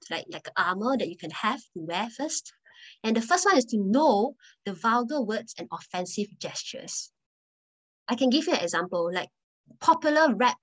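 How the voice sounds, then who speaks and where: A woman's voice: mid-range voice, rough recording. A woman guest speaker telling personal stories in a presentation talk, conversational and earnest, often restarting her phrases.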